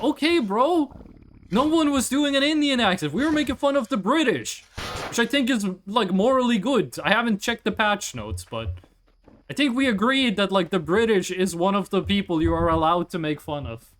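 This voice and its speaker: Young male streamer, high and animated, casual profane storyteller. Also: moderate pace. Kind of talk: casual chat while gaming.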